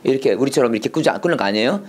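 Rapid-fire male Bible teacher. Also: mid-range voice, expressive, slightly rough. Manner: drills students with repeated questions, fast switching between languages. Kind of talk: classroom Bible lesson mixing Korean and English.

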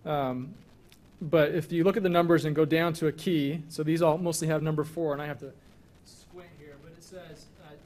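A man's voice: on the high side, steady tone, normal speed, darkish tone. A man who is a physician, giving a conversational grand rounds lecture and walking through slides with casual asides.

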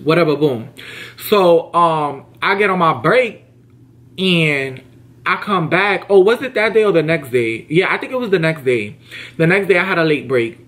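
Animated young man telling a story. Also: moderate pace. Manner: animated, slangy and emphatic, acts out quotes with big pitch jumps. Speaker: vlogger. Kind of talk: casual storytime.

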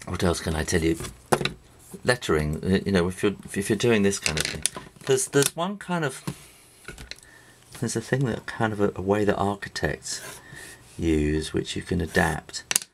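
Brief: middle-aged English man, low gravelly voice, rambling casual drawing tutorial, faint pen scratches and hiss behind. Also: big pitch swings, a little slow, pauses often. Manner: rambling, with many fillers and restarts while drawing. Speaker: drawing teacher. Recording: faint noise with pen and writing sounds.

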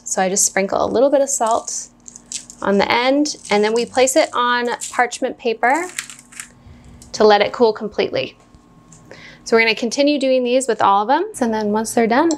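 A young woman with a fairly high voice walks through a home bake in an easy, chatty way. She narrates each step casually and keeps talking even with her mouth full. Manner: chatty, talks while eating. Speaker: home baker hosting a cooking video. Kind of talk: casual step-by-step cooking demo.

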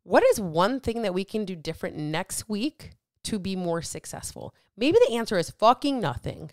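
A woman coach speaks straight to her listeners in a blunt, emphatic way, with plenty of swearing. Her voice comes across smooth and crisp. It is recorded dry and close, with no room sound. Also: medium pitch, lively intonation, normal speed, dry recording. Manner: motivational, addresses listeners directly. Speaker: weight loss coach and podcast host. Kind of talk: casual podcast monologue.

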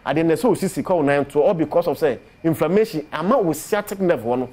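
A man with a Ghanaian accent giving a persuasive promotional talk about herbal medicine on a TV show, repeating his pitch. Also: fast, darkish tone.

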